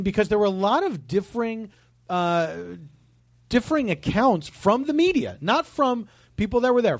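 A man as a podcast guest, talking casually in an emphatic, indignant way. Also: fairly high pitch.

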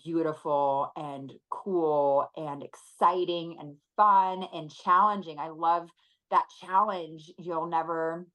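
A woman in her thirties talking earnestly and emotionally as a podcast guest, with many pauses and fillers. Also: sits low, steady tone, a bit bright, rough recording. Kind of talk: casual interview chat.

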